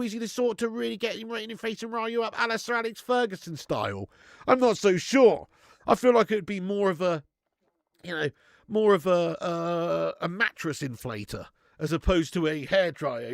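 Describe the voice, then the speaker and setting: Bloke ranting on a footie watch-along stream, swears a lot, close dry mic. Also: male voice, sits high, gravelly, no echo. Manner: blunt, sweary, animated ranting; reads out viewer chat messages. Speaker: football watch-along host. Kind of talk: live match watch-along commentary.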